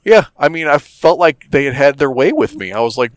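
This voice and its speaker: A man's voice: mid-range voice, big pitch swings, fairly quick, no room sound. Middle-aged guy on a podcast, cussing and ranting, dry close mic. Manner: profane, ranting storyteller who gets worked up. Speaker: podcast co-host. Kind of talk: casual podcast chat.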